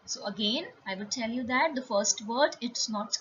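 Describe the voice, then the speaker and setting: A woman teaching a French lesson, speaking slowly and carefully and repeating and spelling out each phrase. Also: a little high, a bit bright. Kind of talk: slow spoken language lesson. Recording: dull lo-fi sound with faint room noise.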